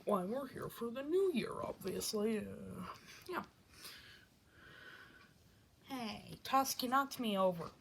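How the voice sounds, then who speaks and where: A woman's voice: fairly high pitch, expressive, takes it slowly, gravelly, long pauses, a little hiss or hum. A woman doing a playful skit, voicing several stuffed animals and switching between their voices, often dropping to a whisper. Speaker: toy puppeteer.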